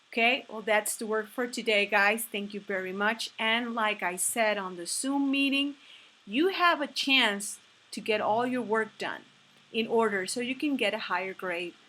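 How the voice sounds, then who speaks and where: A woman teaching English, her voice bright and a little high as she walks students through each exercise. She keeps an encouraging tone and marks each step with "okay". A faint hiss sits under her voice. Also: poor audio. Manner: encouraging, repeats "okay" between steps. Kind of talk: classroom instruction.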